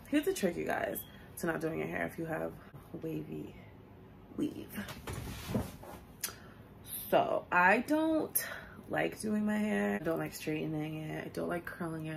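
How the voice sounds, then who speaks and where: Gravelly young woman chatting while getting ready. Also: sits low, moderate pace, a little hiss or hum, rough recording. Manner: chatty, swears casually, talks to viewers while doing her hair. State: has the hiccups. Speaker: beauty vlogger. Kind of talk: casual get-ready-with-me chat.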